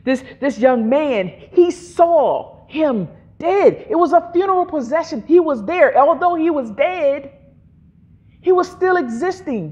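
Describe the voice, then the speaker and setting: High-voiced woman preaching slowly. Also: lo-fi sound. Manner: emphatic, drawn-out phrasing with audible gasps; calls on the congregation to repeat after her. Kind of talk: sermon.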